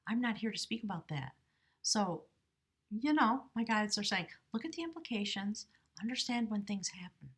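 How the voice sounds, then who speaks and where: A woman giving a channeled tarot reading to the camera, speaking slowly and earnestly, often dropping into a whisper. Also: mid-range voice, animated, breathy edge. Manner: soft, slow, drifting into whispers; earnest, spiritual. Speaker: tarot reader.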